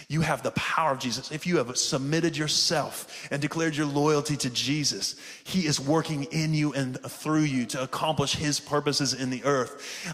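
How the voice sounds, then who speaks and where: Guy pastor preaching hard, kinda high voice, keeps saying man, big echoey church. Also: fairly bright tone. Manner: fervent, calls out to the congregation, often says "man". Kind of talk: sermon. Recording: reverberant hall sound.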